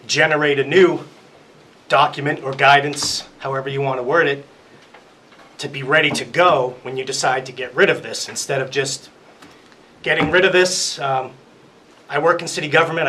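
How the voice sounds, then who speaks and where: Man with a bright, sharp voice. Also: mid-range voice, fairly even intonation, moderate pace, a little hiss or hum, low-quality recording. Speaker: resident giving public comment. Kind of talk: public hearing comment.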